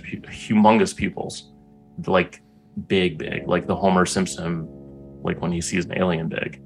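A man's voice: low voice, low-quality recording. A young man telling a story as an interview guest, casual and profane, with lots of "like"s. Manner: profane, animated storyteller with many "like"s.

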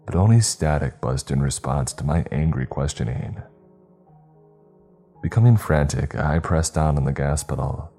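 A man narrating a scripted horror story in a measured, tense way. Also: a bass voice, dark tone. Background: faint music.

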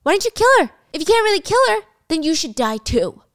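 A woman's voice: very high voice, big pitch swings, fast talker, dry recording, clean studio sound, pitched above the performer's own voice, full character voice. Woman doing a volatile teenage boy. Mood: accusing. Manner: accusing and menacing. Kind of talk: dramatic drama recap quotes.

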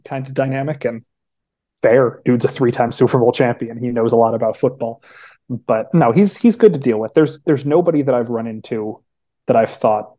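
A young man chats as a podcast guest, spinning long stories and slipping into quoted voices. His tone is mellow and warm, and his pitch sits in a middle range. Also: moderate pace. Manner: chatty storyteller, frequent restarts and acted-out quotes. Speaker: podcast guest, sports beat writer. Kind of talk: casual chat.

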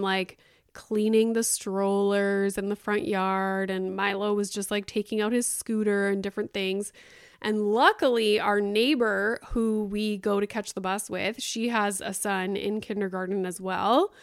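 Chatty woman with a smooth, crisp voice. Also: mid-range voice, fairly bright tone, no room sound, clean studio sound. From Canada. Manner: rambling, exasperated storytelling with constant "like" fillers. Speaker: podcast host. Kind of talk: casual solo podcast chat.

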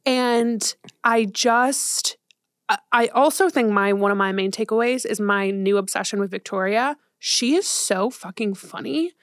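A woman's voice: mid-range voice, unhurried, no echo, studio quality. A young woman in her twenties co-hosting a podcast, chatting casually and gushing with lots of "like". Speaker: podcast co-host. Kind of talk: casual chat.

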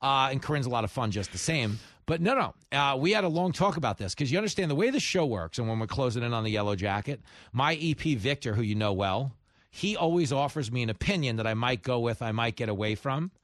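A man's voice: medium pitch, quick pace, no echo. A man hosting a radio talk show in a studio, joking around and laughing often with his guests. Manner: jokey, animated, laughs often. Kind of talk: casual radio banter. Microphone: studio mic.

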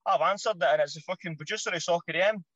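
Scottish man, high voice, quick and animated, swears freely, dull dry recording. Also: dry recording. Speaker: podcast guest, former footballer. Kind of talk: casual anecdote telling.

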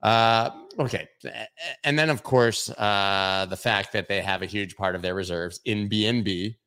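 A man's voice: lowish voice, normal speed, pushed and bright, clear, resonant tone. A man hosting a weekly crypto news review, talking casually and emphatically, often repeating words for stress.

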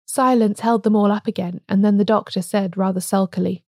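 A woman podcast host reading a classic story aloud in a measured way. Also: medium pitch, fairly even intonation, a little mellow, no room sound, clean studio sound.

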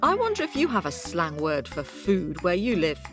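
A woman's voice: on the low side, wildly swooping pitch, moderate pace. Chatty woman host, music behind. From Yorkshire, England. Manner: chatty, asks the listener questions. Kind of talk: children's programme presenting.

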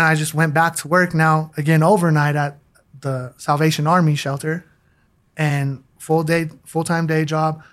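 A man from Denver, a guest on an interview show, telling his recovery story in a candid, slangy way. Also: on the high side. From Denver, USA. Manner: slangy and candid, acts out quoted voices.

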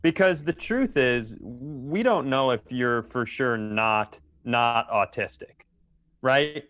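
A man's voice: medium pitch, expressive, slow pace, a bit bright. A man co-hosting a podcast in casual chat, teasing his partner and hesitating with fillers. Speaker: podcast co-host.

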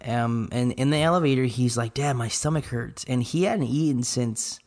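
Man, thirties, podcast co-host, relaxed storyteller, dry asides. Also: mid-range voice, moderate pace. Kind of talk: casual storytelling.

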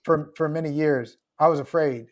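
A man with a fairly high voice talks as an author guest on a podcast, heard over a remote link. He is reflective and openly emotional, and he laughs now and then. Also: steady tone, normal speed. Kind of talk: podcast interview.

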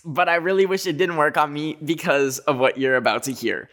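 Animated young man telling a story. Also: fairly high pitch, normal speed, hardly any pauses. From North America. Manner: animated, lots of "like", jokey asides. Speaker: podcast host. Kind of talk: storytelling podcast monologue.

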